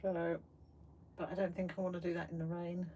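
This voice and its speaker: An Englishwoman hosts an art livestream from a small shed studio, chatting casually and rambling with fillers while laughing at herself. Her voice is low, dark, and a little fast, with little pitch movement. The audio is dull, with faint background noise.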